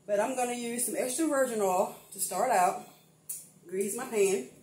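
The sound is echoey, with the mic placed far off, as an older cooking vlogger chats casually and addresses viewers as y'all from her home kitchen. Her voice is fairly high and a bit mellow, at a moderate pace.

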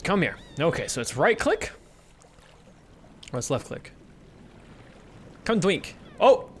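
A young man giving casual let's-play commentary, swinging between excited yelps and hushed murmurs, swearing casually and coaxing his in-game kids along. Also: fairly high pitch, slow, husky.

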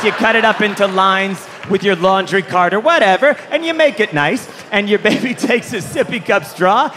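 A man doing stand-up comedy on a large theater stage, animated and incredulous, often shouting his punchlines. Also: high-pitched. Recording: live theater recording with crowd noise. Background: crowd laughing and applauding.

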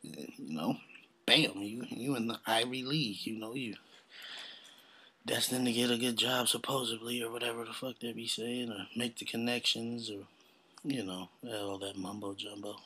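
A man's voice: mid-range voice, normal speed, sharp tone, slightly rough. A man hosting his own podcast, ranting in a blunt, profane, heated way and mocking others in exaggerated voices. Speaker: podcast host. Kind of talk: casual solo podcast rant.

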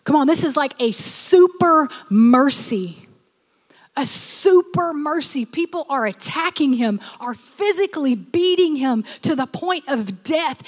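Lady pastor preaching, kinda high voice, keeps urging folks on, big echoey church sound. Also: animated, unhurried. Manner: exhorting, repeats "come on". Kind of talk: sermon.

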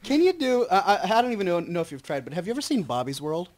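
A man's voice: sits high, very animated, quick pace. A man in casual chat, eager and coaxing.

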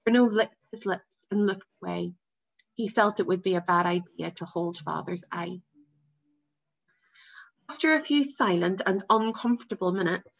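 A woman teacher reading a novel aloud to her class in a steady, expressive way. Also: mid-range voice, creaky. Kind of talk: read-aloud storybook narration. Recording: dull lo-fi sound.

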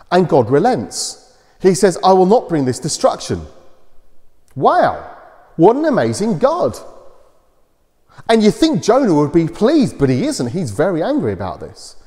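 A man preaches a children's talk, his fairly high voice rising and falling in lively swings as he retells a Bible story. His tone stays soft and mellow, explaining things in plain terms. The sound carries a long reverb from the church. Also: unhurried, long pauses. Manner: animated storytelling with simple explanations.

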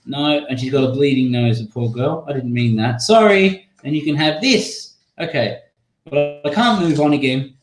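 A man's voice: a little high, slight background noise. A man presenting a live teacher-training webinar, chatty and apologetic, thinking aloud as he demos an app on a video call. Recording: echoey room sound.

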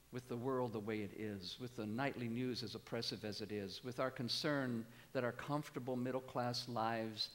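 A pastor in his sixties preaching a sermon, animated, climbing to emphatic peaks and dropping low. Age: 60s. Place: church sanctuary. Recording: long church reverb.

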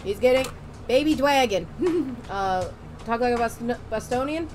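A woman's voice: on the high side, lively intonation, normal speed, darkish tone, a little hiss or hum. A woman giving casual, joking commentary while playing a video game, swearing now and then. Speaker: gameplay streamer. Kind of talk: casual let's-play commentary.

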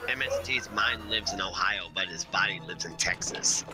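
A man's voice: deep voice, moderate pace, music in the background. A man in casual gaming banter on voice chat, dropping dry teasing remarks. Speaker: fellow racer on voice chat.

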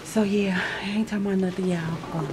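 Against a noisy background, a nervous woman vlogs to a handheld camera at home and in a hospital pre-op room. Her medium-pitched voice keeps a steady tone at a quick pace as she chats in slang and laughs a lot.

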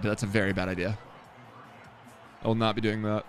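A young man giving live commentary while playing a video game, swearing and repeating himself, sometimes breaking into yells. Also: lowish voice, normal speed, pauses often, faint music behind. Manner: swears and mutters the same phrase over and over; excitable, jumps into yelling.

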